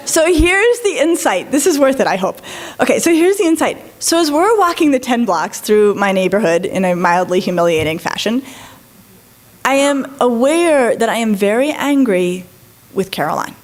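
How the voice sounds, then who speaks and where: High-voiced woman telling stories on stage. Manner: lively storytelling with acted-out quotes, frequent "right?" and "like". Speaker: clinical psychologist giving a conference talk. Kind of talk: animated conference talk.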